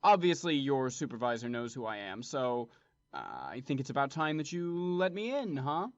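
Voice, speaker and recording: A man's voice: mid-range voice, big pitch swings, normal speed, dry recording, highs cut off, lightly acted. A man playing a wealthy, self-assured young nobleman in a tabletop game, speaking in a pompous, smug way. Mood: haughty.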